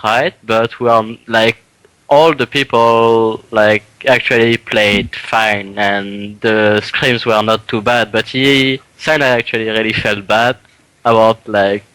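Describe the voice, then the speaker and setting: A young man answering as a guest in a casual chat, halting and plain. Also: fairly low pitch, a bit bright, clear, resonant tone, dry recording, rough recording. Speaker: guest player.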